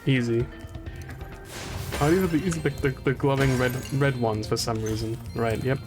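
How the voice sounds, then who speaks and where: A man's voice: mid-range voice, normal speed, music in the background. A man from England streaming a video game, rambling through stories and laughing often. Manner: rambling and animated, laughs often, many restarts. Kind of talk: casual gaming commentary.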